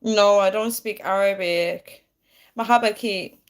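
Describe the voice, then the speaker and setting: A woman's voice: medium pitch, steady tone, a little slow, smooth. A woman chatting casually on a live stream, giggling and reading out viewer comments.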